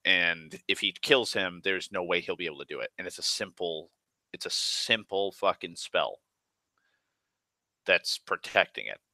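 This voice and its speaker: Low male voice, bright and dry, rambling profane movie recap with stumbles. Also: unhurried, dry recording. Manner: profane, excitable, rambling with restarts. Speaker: movie vlogger.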